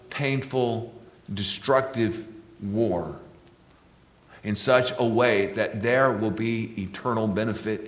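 A man delivers a sermon, reading scripture in old-style wording. His preaching drops to hushed, low passages and then climbs to loud, high, emphatic peaks. The room gives his voice a noticeable echo. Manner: reads scripture in King James wording. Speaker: pastor. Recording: echoey room.

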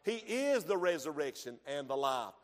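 A man preaching a sermon in church, swinging from hushed tones to shouting. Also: a little high, big pitch swings, normal speed. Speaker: pastor.

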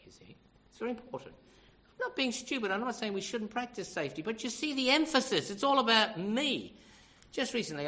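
A man's voice: a little high, pushed and bright. An older man preaching a sermon, emphatic and conversational, often asking the congregation rhetorical questions.

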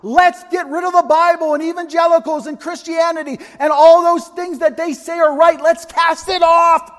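A man voicing raging earthly rulers who plot to throw off God's bonds, in a high, shouted, drawn-out taunt. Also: steady tone. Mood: defiant. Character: raging earthly rulers plotting rebellion, defiant. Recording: long hall reverb.

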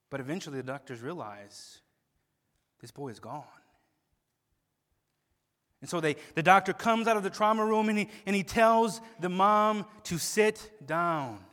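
A man preaching an expository sermon, swinging from hushed low tones to loud emphatic peaks and often repeating words as he starts a phrase. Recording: long hall reverb.

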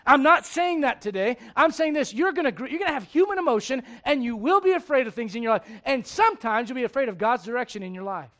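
A man in his forties preaching a sermon. He moves from loud urging to quiet confiding. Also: extremely high pitch, lively intonation, quick pace, few pauses. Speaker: pastor.

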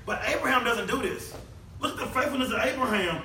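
Man as pastor, high bright voice, conversational sermon full of questions, echoey room, off-mic. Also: expressive, fast talker, recorded from a distance, slight background noise.

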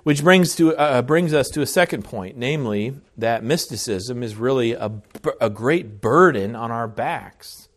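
A man preaching a sermon in an earnest, deliberate way, often restarting his phrases. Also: medium pitch, animated.

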